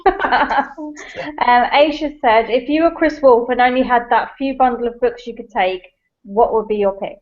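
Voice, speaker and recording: A cheerful woman reads viewer comments aloud in a fairly high voice, laughing between them. The audio is dull and lo-fi, like a live video stream. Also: moderate pace. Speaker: co-host reading viewer comments. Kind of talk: casual chat.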